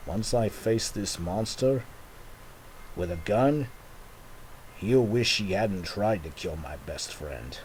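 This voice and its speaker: A man's voice: fairly low pitch, lively intonation, takes it slowly, long pauses, a little mellow, slight background noise, low-quality recording. Jack Sparrow, a bossy pirate toy, voiced by a man. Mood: threatening. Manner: bossy, lecturing, protective. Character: gruff pirate toy leader with a gun. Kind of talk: homemade toy movie voice.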